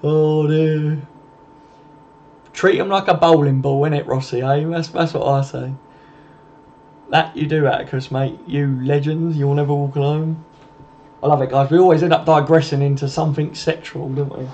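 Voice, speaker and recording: A man's voice: a little high, steady tone, moderate pace, darkish tone, dull audio. A man hosting a live stream, reading comments aloud and bantering in a laddish, swearing, jokey way.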